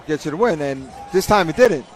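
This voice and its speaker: A man's voice: fairly high pitch, animated, fairly quick. A man commentating live boxing fights, rambling and joking, often repeating himself. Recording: crowd noise at a live event.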